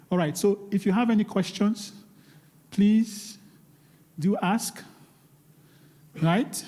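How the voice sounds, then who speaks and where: A man's voice: high voice, mellow. A man giving a live seminar talk on investing, emphatic and pleading, repeating key words. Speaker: guest speaker on investing. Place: church hall, live audience. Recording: long reverb of a large hall.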